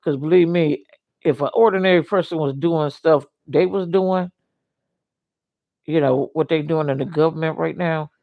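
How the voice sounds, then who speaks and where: An older man hosts a casual livestream, talking earnestly but rambling, circling back to the same points and repeating "you know what I mean." His voice is fairly high with vocal fry and a dark tone, and there's no room sound.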